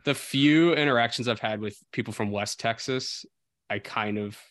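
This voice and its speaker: Bright-voiced hesitant male podcaster. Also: medium pitch, normal speed, no echo. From New Jersey. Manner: hesitant, often restarts and repeats words. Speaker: podcast co-host. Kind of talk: casual film discussion.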